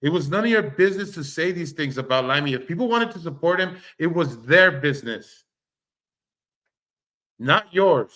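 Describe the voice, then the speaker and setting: Heated, higher-pitched man ranting. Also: expressive, normal speed, bright, forceful tone. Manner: heated, repetitive, swears freely, stammers and restarts. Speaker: livestream commentator. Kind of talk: ranting commentary on online drama.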